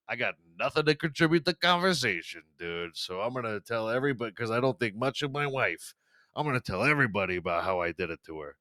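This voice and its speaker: A man's voice: medium pitch, sharp tone, dry recording. A man acting out a crude, insecure married guy who brags at work, in a mocking impression. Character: boastful insecure married man, bragging coworker.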